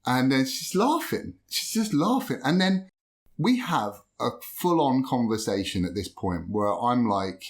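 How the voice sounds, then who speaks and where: A man telling a story in casual podcast chat, animated and swearing, acting out what people said. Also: mid-range voice, a little slow. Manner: animated, swearing, acts out quoted voices. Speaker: podcast guest.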